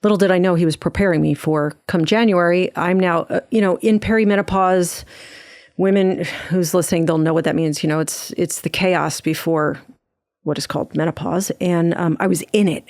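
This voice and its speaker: A middle-aged woman from New Jersey speaks as a podcast guest, giving a heartfelt personal testimony in a lower-pitched voice. She talks quickly and earnestly, often restarting her sentences. The recording is dry, with no room sound. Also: fairly even intonation, a little mellow, no echo. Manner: earnest, fast storytelling with frequent restarts. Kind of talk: personal testimony in a conversational interview.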